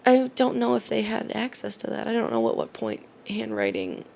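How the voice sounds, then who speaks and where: Woman podcast cohost, dry teasing delivery, gravelly edge. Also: mid-range voice, huge pitch swings, moderate pace, darkish tone, slight background noise. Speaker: podcast co-host. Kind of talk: casual chat, reading case notes.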